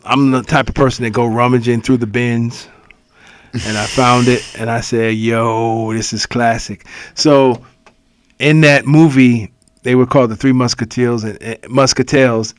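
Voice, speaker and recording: A man's voice: mid-range voice, steady tone, moderate pace, clear, resonant tone, no echo. A man from the Cleveland area co-hosting a comedy podcast, telling loose stories and breaking into laughter and silly voices. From Cleveland area, Ohio. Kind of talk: casual comedy podcast chat.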